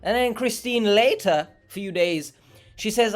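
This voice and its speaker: A man's voice: high-pitched, unhurried. A young man, a vlogger, chatting casually and sarcastically while eating, rambling and talking with his mouth full.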